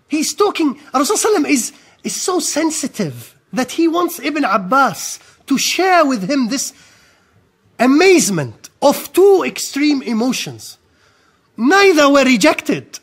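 A male lecturer with a notably high-pitched voice delivers a recorded history talk as animated storytelling. He poses rhetorical questions and swings between hushed asides and emphatic, raised lines. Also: unhurried.

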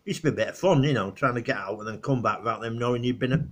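A man's voice: medium pitch, rapid-fire. A middle-aged man, rambling casually through old memories on his vlog and laughing at his own stories. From northwest England. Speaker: vlogger.

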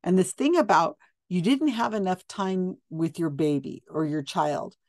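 A woman's voice: fairly low pitch, measured pace, darkish tone, dry recording, clean studio sound. A woman giving skeptical, blunt video commentary, talking casually with frequent ums and restarts. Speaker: commentator reviewing psychic videos.

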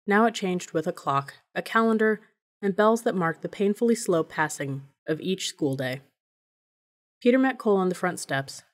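A woman reading a novel aloud as an audiobook narrator, in a steady, even storytelling manner. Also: on the low side. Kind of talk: scripted narration.

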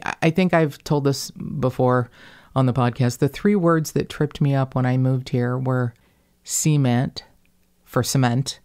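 A woman from Northern Kentucky with a slight accent from there, hosting a podcast and telling stories in a rambling, animated way. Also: very deep voice. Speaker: podcast host. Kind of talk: casual podcast chat.

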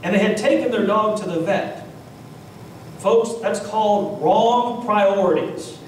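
Echoey distant preacher with a high voice. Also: male voice, slow pace, slight background noise. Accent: Kentucky. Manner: storytelling, animated, talks to the congregation. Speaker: pastor. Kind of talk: sermon with Bible reading. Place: church sanctuary. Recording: echoey church hall recorded from a distance.

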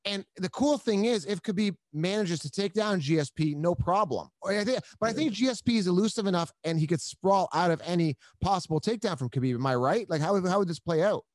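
Eager male host, slightly high voice. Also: expressive, fairly quick, few pauses, no echo, studio quality. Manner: eager, asks leading questions, laughs easily. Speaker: podcast host. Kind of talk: casual sports chat.

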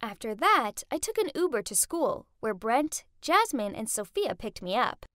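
A young woman narrating a first-person animated story in a dramatic, emotional way. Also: a little high, normal speed, dry recording, studio quality.

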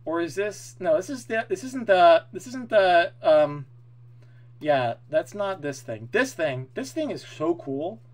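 A man streaming live, chatting casually with his viewers, excitable and opinionated, swearing freely as he talks. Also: high-pitched, unhurried.

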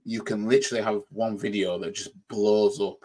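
Yorkshire man, fairly low voice, casual reaction commentary, rambling, restarts words. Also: fairly even intonation, normal speed, darkish tone. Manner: rambling, repeats words while thinking. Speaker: reaction channel host.

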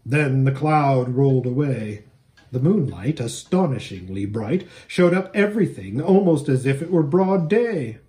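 A man, a pastor, reading a children's book aloud in an expressive, animated storytelling manner. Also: mid-range voice, measured pace.

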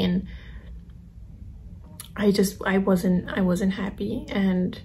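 Young woman talking slow n soft, mellow voice, flat delivery, lots of ums, faint room hum behind. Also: medium pitch, husky. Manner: soft, halting, confessional, many ums. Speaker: vlogger. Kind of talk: personal storytelling while eating.

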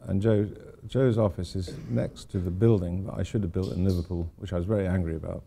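A man's voice: low voice, fairly even intonation, a little fast, creaky, warm tone, slight background noise. An older man, an architect giving an informal lecture, rambling through anecdotes with wry asides.

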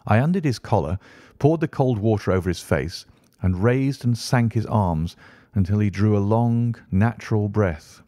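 A man narrating an audiobook in a measured, steady reading. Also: on the low side, dry recording, clean studio sound. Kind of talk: scripted narration.

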